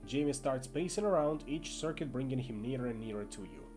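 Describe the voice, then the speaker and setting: Expressive man reading a text game aloud. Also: mid-range voice, brisk, music in the background. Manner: expressive second-person narration with asides. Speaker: game player and reader.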